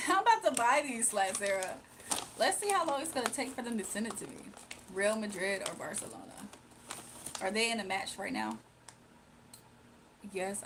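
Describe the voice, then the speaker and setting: A woman hosts a relaxed livestream, riffing on viewer comments in a loose, slangy way with frequent laughter. Her voice sits a little above the usual range. A faint hiss runs under the recording. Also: on the high side. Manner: playful and chatty, laughing often, slangy. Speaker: livestream host. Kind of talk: casual livestream chat reading viewer comments.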